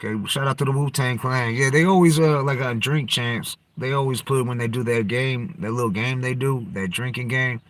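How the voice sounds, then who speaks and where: A man's voice: mid-range voice, moderate pace, hardly any pauses, no room sound. A man hosting a podcast, talking loosely in slang and profanity and jumping from topic to topic. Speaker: podcast host. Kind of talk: casual rambling chat.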